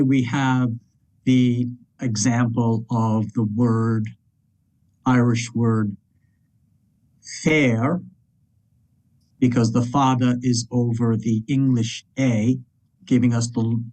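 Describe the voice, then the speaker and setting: Slow, careful man explaining pronunciation. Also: medium pitch, dark tone, low-quality recording. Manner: careful, deliberate, spells out sounds. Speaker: student presenter.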